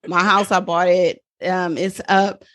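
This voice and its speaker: A woman, a money coach, talking as a podcast guest in a frank, animated, slangy way. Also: on the low side, unhurried, no echo. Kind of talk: casual podcast chat.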